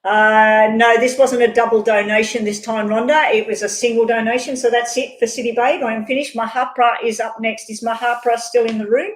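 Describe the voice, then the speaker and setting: A woman doing a live tarot reading, talking fast and rambling off on side chats. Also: a little high, fairly even intonation. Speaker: tarot reader. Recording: echoey room.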